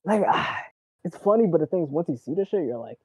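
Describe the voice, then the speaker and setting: Excitable rambling man, dull lo-fi sound. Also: a little high, fast, slightly rough. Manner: rambling, excitable, acts out quotes, swears. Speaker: wrestling show co-host. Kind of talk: casual chat.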